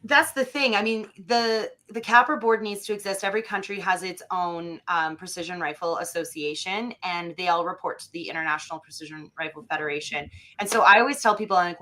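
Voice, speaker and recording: Bright, chatty woman from Alberta. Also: lowish voice, brisk, hardly any pauses. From Alberta, Canada. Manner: chatty and animated, with many fillers and acted-out quotes. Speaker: podcast guest. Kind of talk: casual conversational interview.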